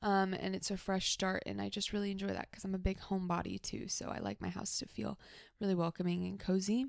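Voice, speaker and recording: A woman's voice: mid-range voice, little pitch movement, fairly quick, creaky, dry recording, clean studio sound. A woman hosting her own podcast from her home office, a therapist chatting casually and rambling, slightly out of breath. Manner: chatty, rambling, self-talking asides. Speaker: podcast host and mental health therapist. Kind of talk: casual solo podcast chat.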